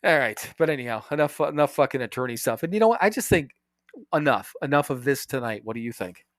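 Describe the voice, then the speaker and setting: A man's voice: medium pitch, animated, fast talker, dry recording, clean studio sound. A man co-hosting a podcast in casual chat, telling stories animatedly, laughing often and swearing freely. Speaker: podcast co-host.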